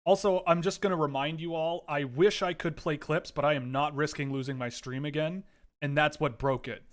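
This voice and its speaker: A man hosting a casual livestream from home, giving rambling, animated commentary with frequent restarts. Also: on the high side, moderate pace. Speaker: livestream host.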